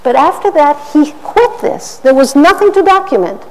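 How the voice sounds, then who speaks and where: A middle-aged woman giving an animated public talk, with playful mimicry of others. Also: high-pitched, moderate pace, slight background noise. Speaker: speaker. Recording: roomy hall, faint ambience.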